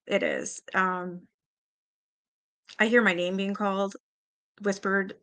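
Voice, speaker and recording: A woman hosting a live-stream panel, chatting casually and reading viewer comments aloud with quick asides. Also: medium pitch. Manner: chatty, animated, quick asides and little laughs.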